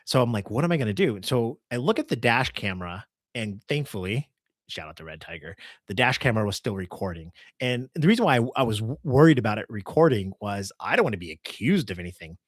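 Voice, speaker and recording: A rideshare driver telling a story on a live stream in a casual, animated way, acting out the voices of the people in it and laughing as he talks. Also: on the low side, quick pace, no room sound, studio quality. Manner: animated, acts out dialogue, laughs while telling.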